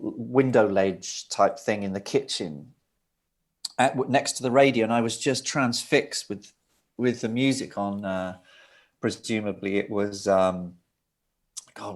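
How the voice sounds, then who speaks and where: A middle-aged man from England speaks as an interview guest. He tells long, winding anecdotes, trips over his words and restarts sentences as he goes. His pitch sits in the middle range for a man. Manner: rambling, anecdotal, frequent restarts. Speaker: guest, record producer. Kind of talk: casual interview storytelling.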